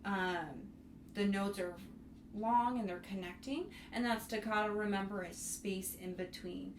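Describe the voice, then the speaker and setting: A woman's voice: medium pitch, fairly even intonation, a little slow. Woman music instructor, encouraging with students, recorded at a distance in a roomy space. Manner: sings rhythms on syllables to demonstrate; encouraging, speaks to young students. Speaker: bassoon instructor. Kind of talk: music tutorial. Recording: roomy, mic at a distance, faint noise.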